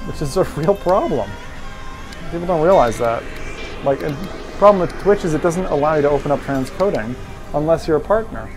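A man streaming a VR game, chatting casually and reading viewer messages aloud. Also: on the high side. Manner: rambling, chatty, reads chat aloud. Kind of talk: casual live-stream chat.

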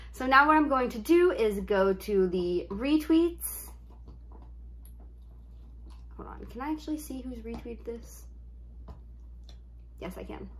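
A woman's voice: a little high, animated, measured pace, pauses often, husky. A young woman chatting casually over her gameplay as a vlogger, rambling with lots of filler words. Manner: chatty, rambling, heavy use of "like". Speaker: gaming YouTuber.

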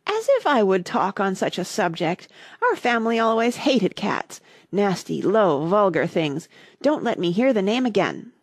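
A woman voicing an indignant male mouse in a shrill, passionate, trembling voice. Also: very animated, breathy edge, no echo, studio quality. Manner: trembling, drawn-out outbursts.

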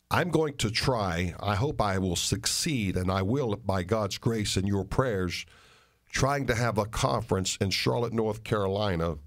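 An older man, a pastor, making an earnest and emphatic appeal to his listeners, repeating phrases for stress. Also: lowish voice. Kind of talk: radio sermon and ministry appeal.

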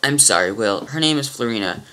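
A man's voice: mid-range voice, expressive, fairly quick, pushed and bright, soft background music. A man voicing a firm young swordswoman who leads a small band, speaking steadily and carefully. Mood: earnest. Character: spirited young swordswoman leader, calm and firm.

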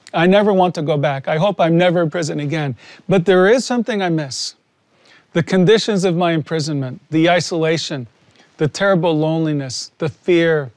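Earnest high-voiced man, dry close sound. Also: no room sound. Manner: earnest, heartfelt, slow with deliberate pauses. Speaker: pastor giving a testimony. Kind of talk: scripted video teaching talk.

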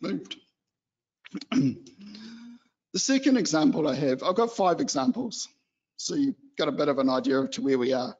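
A man from New Zealand giving an animated, chatty exhortation in a church hall. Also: a little high, normal speed, pauses often, breathy edge, highs cut off. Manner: chatty and animated, acts out excited children. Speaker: lay preacher.

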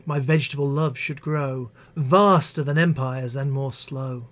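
A man who teaches English, reading poems aloud with expressive, measured delivery and breaking off into hesitant spoken asides. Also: mid-range voice. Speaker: English teacher hosting a live stream. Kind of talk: poetry reading with commentary.

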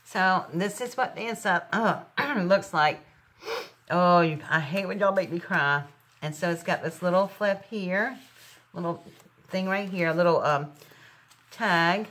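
A woman's voice: lowish voice, unhurried, a bit bright. A middle-aged woman chatting casually as she unboxes craft gifts, gushing over each item. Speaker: crafting channel host.

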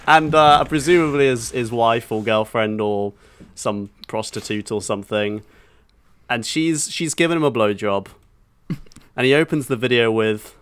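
A man's voice: medium pitch, measured pace, a bit bright, clean tone. A young man co-hosting a podcast in casual chat, laughing through his story as he tells it. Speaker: podcast co-host.

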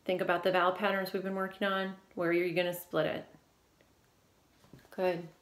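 A woman teacher with a lowish voice leads a phonics lesson, moving slowly and patiently through each prompt. Her words carry an encouraging, step-by-step rhythm. The room around her is echoey.

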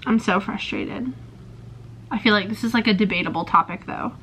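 A woman's voice: medium pitch, normal speed, a bit bright, slight background noise. A young woman vlogging about a book she is reading, emotional and gushing, sighing often. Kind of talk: casual reading vlog.

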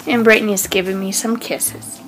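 A woman's voice: mid-range voice, steady tone, moderate pace, background noise. A woman hosting a playful pet vlog at home, asking her dogs questions in sing-song baby talk. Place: home room with an ottoman.

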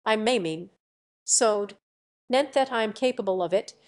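A nervous young male lieutenant who stammers and defers to his superior, as a woman reader puts him on. He speaks haltingly, in the measured tone of an audiobook. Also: medium pitch, a little mellow, lightly acted. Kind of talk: audiobook reading.

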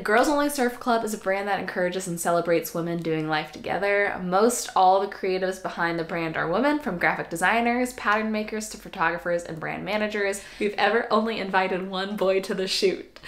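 A woman's voice: medium pitch, a bit bright. A young woman vlogging an unboxing, chatty and gushing, squealing over cute items. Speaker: YouTuber. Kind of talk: excited unboxing vlog. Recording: echoey room.

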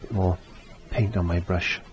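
A man's voice: low voice, fairly even intonation, a little slow, lo-fi sound, a little hiss or hum. A man giving a chatty step-by-step painting tutorial, repeating phrases as he works. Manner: chatty, repeats himself while working. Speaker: painting teacher.

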